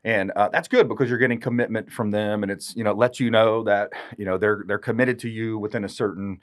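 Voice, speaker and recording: A man's voice: fairly low pitch, steady tone, a little fast. A man, a real estate agent on a podcast, explaining negotiation with examples and rhetorical questions. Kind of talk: casual podcast chat.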